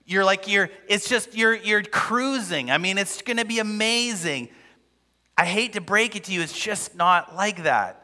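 A man's voice: high-pitched, expressive, unhurried, bright, forceful tone, in a large hall. A man preaching a casual, conversational sermon in a church, full of rhetorical questions. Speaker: pastor.

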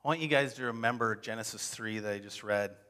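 Bright-voiced preacher man in a reverberant hall. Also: lowish voice, quick pace. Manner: expressive storytelling, acting out quotes. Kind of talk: sermon.

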